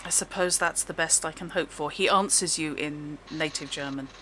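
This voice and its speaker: A woman's voice: sits low, moderate pace, a bit bright, a little hiss or hum. A woman narrating a tabletop game as game master, with descriptive, wry narration.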